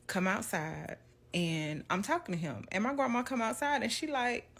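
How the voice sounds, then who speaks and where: Animated woman telling a story. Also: on the high side, moderate pace. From Southern US. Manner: animated, laughs often, acts out quotes. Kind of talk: storytime vlog.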